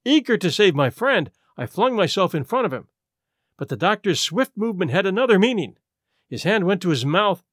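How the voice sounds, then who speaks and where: A man reading an audiobook as first-person narration in an expressive way. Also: high-pitched, moderate pace, no room sound, clean studio sound. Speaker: audiobook reader.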